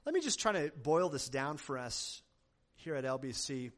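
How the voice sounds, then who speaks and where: A male pastor delivers a sermon with a lively, swooping delivery that rises and falls through each point. He hammers ideas home with repeated phrases, then drops into easygoing asides to the congregation. His voice sits a bit high for a man. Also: normal speed. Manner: emphatic preaching with repeated phrases; conversational asides.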